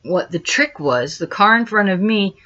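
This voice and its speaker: In a dull lo-fi recording, a woman vlogger rambles through her own story step by step, getting more agitated as she goes. Her medium-pitched voice is bright, forceful, and expressive at a normal speed.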